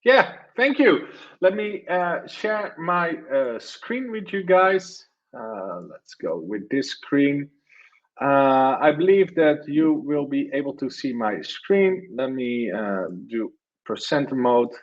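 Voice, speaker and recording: Halting man presenting over a call. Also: medium pitch, big pitch swings. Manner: hesitant, many fillers. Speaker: conference presenter. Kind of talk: live webinar presentation. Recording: dull lo-fi online audio.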